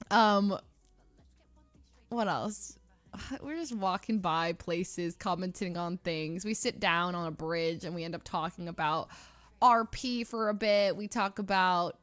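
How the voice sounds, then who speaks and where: A young woman chatting to her stream in an everyday mid-range voice, rambling through a story with lots of fillers and false starts. She stays lively and laughs often. The sound is dry and close, with no room echo. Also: mid-range voice. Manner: rambling, many fillers and restarts. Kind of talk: casual story-telling to stream chat.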